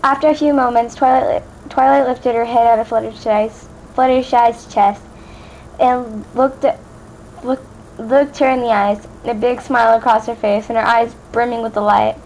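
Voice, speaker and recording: A woman's voice: a little high, steady tone, moderate pace, darkish tone, slight background noise, rough recording. A woman casually reading a fan story aloud, stumbling over words and chatting to viewers in between. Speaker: fanfiction reader. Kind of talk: casual read-aloud narration.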